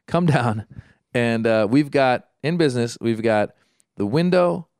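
Smooth-voiced man telling a lively story. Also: mid-range voice, no room sound, studio quality. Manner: animated, acts out the people in his story; quick restarts and stammers. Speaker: guest. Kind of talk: casual storytelling.

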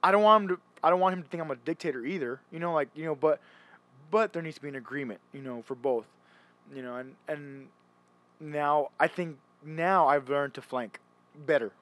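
A young man with a slightly higher voice talks in a loose, rambling way. He restarts his sentences often and slips into quoted voices while he retells a story. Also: a little fast, a bit bright. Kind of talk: casual chat.

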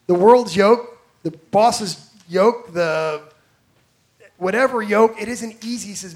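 A man's voice: high voice, normal speed. A man preaching a conversational sermon, self-deprecating and often repeating words as he builds a point. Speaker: pastor.

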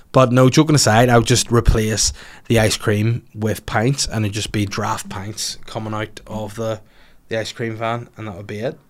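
Man, podcast host, crude, rambling, swears a lot. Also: mid-range voice. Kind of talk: casual podcast chat answering listener questions.

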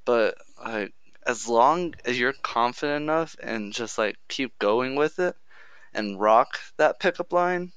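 A young man jokes and teases in boisterous casual chat. His voice is bright and crisp. It is recorded dry and close, with no room sound. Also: mid-range voice, animated, measured pace, dry recording, highs cut off. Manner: joking, boisterous, teasing.

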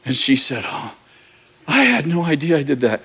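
This man, preaching as a pastor, speaks at a moderate pace in a sing-song voice on the high side, a bit bright with a breathy edge. His sermon storytelling is conversational and candid, recounting a personal story with occasional bursts of laughter.

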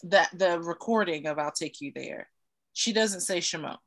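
A woman's voice: fairly low pitch, normal speed, a bit bright. A woman co-hosting a casual podcast, enthusiastic and repeating her words. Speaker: podcast co-host. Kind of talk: casual chat.

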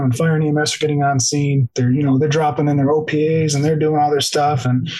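A police officer appearing as a podcast guest tells an emotional first-person story, fast and flat, in a slightly high, warm voice. He uses "like" constantly, restarts often, and sounds close to tears, on a low-quality recording.

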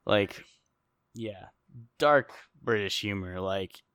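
A man's voice: lowish voice, unhurried, pushed and bright, clear, resonant tone, no room sound, clean studio sound. A young man co-hosting a podcast, chatting casually in a rambling, jokey way and laughing often. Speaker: podcast co-host. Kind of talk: casual chat.

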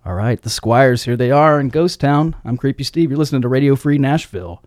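A man's voice: mid-range voice, fairly quick, a little mellow, no echo. A man hosting a casual radio show on a studio microphone, reading record sleeve notes aloud in a laid-back way and chuckling at his own slips. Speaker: radio DJ host.

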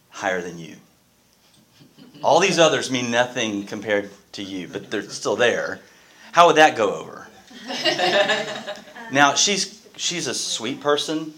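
A man's voice: lowish voice, fairly bright tone. A man, a pastor, teaching a Bible class in a conversational way and often asking the group questions.

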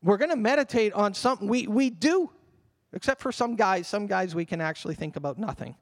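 An older man, a pastor, delivering an animated sermon that drops at times to a murmured prayer. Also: high voice, fairly quick. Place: church hall. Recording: long reverb of a church hall.

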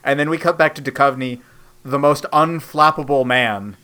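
A man's voice: normal speed, clean tone. A man co-hosting a casual comedic podcast, retelling scenes from a show and acting out the characters with big leaps in his voice. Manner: animated, acts out scenes with big pitch jumps. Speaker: podcast co-host. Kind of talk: casual comedic recap chat.

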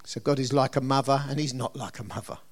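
A man's voice: medium pitch, fairly even intonation, quick pace. A middle-aged man preaching a sermon in a conversational way, often asking his listeners questions. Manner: conversational, asks the congregation questions.

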